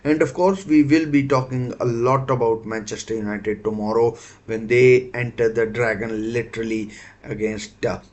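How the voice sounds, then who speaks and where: Halting man hosting a football stream. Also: mid-range voice, fairly even intonation, darkish tone. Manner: halting, many fillers and self-corrections. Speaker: football watchalong host. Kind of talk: casual live-stream commentary.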